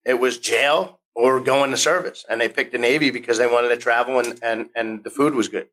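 A man's voice: mid-range voice, steady tone, a little fast, a bit bright, poor audio. A man in his fifties from the United States, a podcast guest telling rambling stories, restarting sentences and acting out the voices he quotes. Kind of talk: casual storytelling interview.

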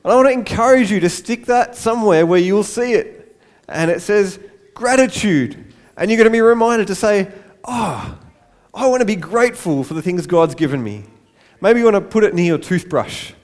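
A man's voice: high voice, lively intonation, moderate pace, darkish tone. A man pastor giving a sermon in church, light-hearted, with self-deprecating asides.

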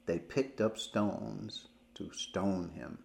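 A man preaching a sermon, teaching through Bible verses point by point with slow emphasis. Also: fairly low pitch, fairly even intonation, creaky.

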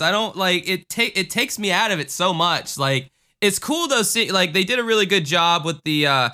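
Bright-voiced man ranting sarcastically. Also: high voice, expressive, moderate pace, hardly any pauses, smooth. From American South. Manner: ranting, sarcastic, swears a lot, frequent fillers. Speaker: podcast co-host. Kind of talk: casual podcast chat.

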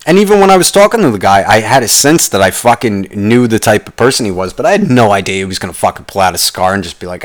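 Brief: young male ranter, low-pitched voice, swears constantly, rambling and animated. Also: fast. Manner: profane, rambling, animated storytelling. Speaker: podcast host. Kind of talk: casual ranting monologue.

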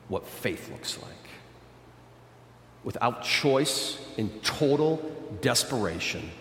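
Pastor preaching in an echoey church. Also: male voice, slight background noise. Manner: dramatic, swings from loud emphatic bursts to low quiet intensity. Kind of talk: sermon. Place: large church hall. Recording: echoey church hall with long reverb.

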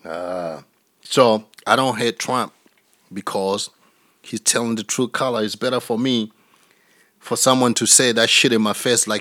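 Brief: male stand-up comic, mid-pitched, crude and rambling, dry close sound. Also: steady tone, measured pace, sharp tone, no room sound. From Africa. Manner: crude, rambling, laughing at his own jokes. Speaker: stand-up comedian. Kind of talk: stand-up comedy set.

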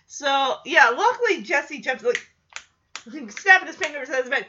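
A woman retells a show in a chatty, giggly way, with a high, bright voice. She talks casually and animates the story as she goes. The recording sounds dull and lo-fi. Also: very animated, a little slow. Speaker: show recapper. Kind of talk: casual recap chat.

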